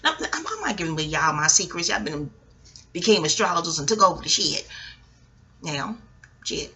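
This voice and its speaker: A woman's voice: lowish voice, very animated, normal speed, pushed and bright. Rambling, profane woman astrologer. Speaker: podcast host and astrologer. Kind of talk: casual chat.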